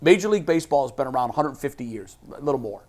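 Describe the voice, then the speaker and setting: A man co-hosting a sports talk show, opinionated and animated, often restarting his sentences. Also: mid-range voice, racing. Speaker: sports radio co-host.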